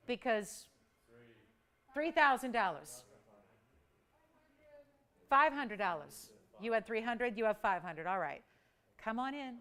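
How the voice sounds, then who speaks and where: A woman hosting a live shopping channel, calling out bids in an energetic, chatty auction patter. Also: a little high, smooth. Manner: energetic, rapid bid calling; playful, chatty. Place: TV studio.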